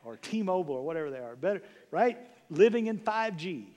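A pastor preaching a sermon to his congregation, swinging between loud exclamations and hushed, intimate lines, with casual asides. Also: high voice, very animated, a little fast. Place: church sanctuary.

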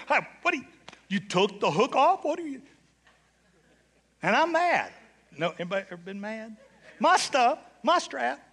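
An older man preaching a sermon as bishop, telling a story and swinging between hushed, low passages and loud, excited ones. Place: church.

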